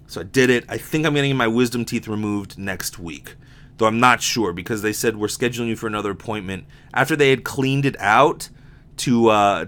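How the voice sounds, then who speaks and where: A young man with a slight lisp from sore wisdom teeth hosts a casual solo podcast. He rambles candidly, swears freely and restarts his sentences often, in a voice of ordinary middle pitch. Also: fairly bright tone. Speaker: podcast host.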